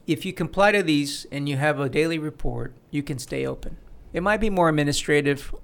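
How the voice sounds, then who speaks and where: Gravelly and fairly high-pitched, this man talks briskly as he hosts a relaxed studio podcast. He is full of opinions, delivering long explanations that keep doubling back into restarts.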